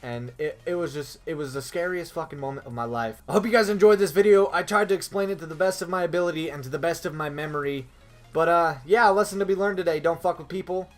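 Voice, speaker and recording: A young man with a slightly high voice tells a story from his own life as a vlogger. He talks loosely and swears a lot. He keeps breaking into shrill, panicky voices to act out the people in it. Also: fast, soft background music. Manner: animated, swearing, acts out scenes in high screaming voices. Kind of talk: storytime vlog.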